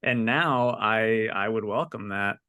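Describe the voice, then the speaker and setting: A man's voice: fairly low pitch, slow, sharp tone, smooth, no echo, studio quality. A man co-hosting a podcast, chatting casually in an easygoing, rambling way and laughing often. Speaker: podcast co-host and game master. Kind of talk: casual chat.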